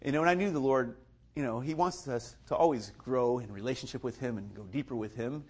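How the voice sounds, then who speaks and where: A man's voice: medium pitch, fairly quick. Chuckling man telling his testimony. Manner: chuckles often, loose and conversational with many fillers; acts out other people's lines in lively quoted voices. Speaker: speaker sharing a personal faith testimony. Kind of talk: casual storytelling testimony.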